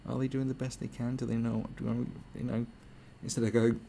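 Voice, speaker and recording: Gravelly-voiced British man ranting. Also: medium pitch, little pitch movement, fairly quick, mellow. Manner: ranting, sarcastic, profane. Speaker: podcast host. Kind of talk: podcast monologue.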